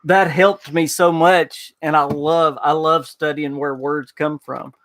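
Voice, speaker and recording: Southern man with a slightly gravelly voice. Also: fairly high pitch, steady tone, slow pace, a bit bright, dry recording. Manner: chatty storyteller, laughs often, many fillers. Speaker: podcast host and pastor. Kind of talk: casual podcast chat.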